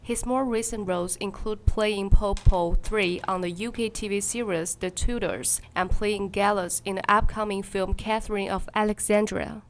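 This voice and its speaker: Female anchor, mid-pitched voice, steady scripted news read. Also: moderate pace, few pauses.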